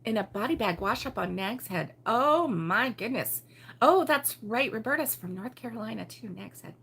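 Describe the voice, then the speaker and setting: A woman from Baltimore hosting a relaxed morning livestream, chatting and giggling as she reads viewer comments aloud. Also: on the high side, normal speed, vocal fry, slightly rough. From Baltimore, USA. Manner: chatty and giggly, with frequent fillers and laughs. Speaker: host of a crochet livestream. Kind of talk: casual morning chat reading viewer comments.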